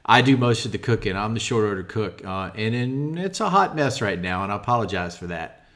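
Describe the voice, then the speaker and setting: A man narrating his home renovation vlog in a relaxed, chatty voice-over, with lots of filler words and light jokes. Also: on the low side, fairly quick.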